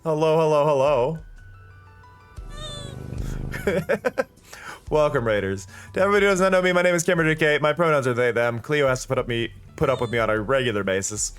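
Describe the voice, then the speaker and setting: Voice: mid-range voice, lively intonation, rapid-fire, few pauses, a bit bright, faint music behind. A VTuber streamer chatting casually and cheerfully while playing a game, laughing often.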